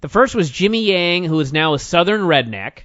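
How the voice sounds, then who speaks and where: A man's voice: on the high side, animated, normal speed, a bit bright, no room sound, highs cut off. A man co-hosting a casual wrestling review podcast, ranting with sarcasm and a lot of swearing. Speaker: podcast co-host.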